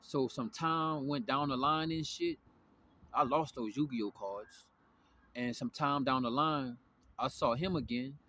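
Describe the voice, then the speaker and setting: A man's voice: mid-range voice, measured pace, sharp tone. A young man telling a story in a rambling, profane monologue, full of slang and restarts. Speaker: vlogger. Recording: noisy background.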